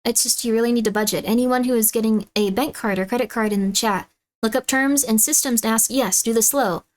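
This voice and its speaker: A woman with a fairly high voice talks casually on a live stream, chatting with her viewers and reacting to clips. Her delivery is animated and loose, peppered with laughs. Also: fairly quick. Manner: chatty and animated, laughs often, loud shrill bits when mocking someone. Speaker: streamer reacting to videos and chat.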